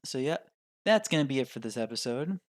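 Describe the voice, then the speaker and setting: A man's voice: mid-range voice, expressive, a little fast. A man hosting a game playthrough, narrating the story and commenting casually, swearing and self-deprecating. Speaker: let's play host.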